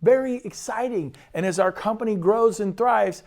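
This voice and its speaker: A man, a real estate broker, giving an enthusiastic and persuasive sales pitch presentation. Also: vocal fry, darkish tone. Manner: enthusiastic, persuasive, rapid lists.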